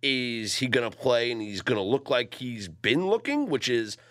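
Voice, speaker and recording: A man's voice: medium pitch, moderate pace. A man co-hosting a sports betting podcast, casually breaking down games and odds. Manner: lively, animated analysis of games.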